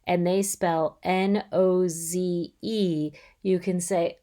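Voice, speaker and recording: A woman's voice: lowish voice, dark tone. A woman in middle age giving a patient, step-by-step voice-over lesson for reading tutors. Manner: slow, patient, explaining step by step. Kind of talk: instructional voice-over.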